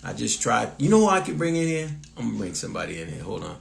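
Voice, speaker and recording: A man's voice: on the low side, big pitch swings, fast talker, vocal fry. A man from Massachusetts with a local accent, a comedian hosting a casual live stream, rambling with lots of fillers and restarts as he reads viewer comments aloud.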